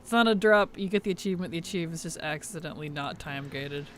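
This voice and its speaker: A man's voice: fairly high pitch, fast, a bit bright. A man streaming a video game, chatting casually in an offhand, mumbly way and letting his sentences trail off. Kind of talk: casual gaming chat.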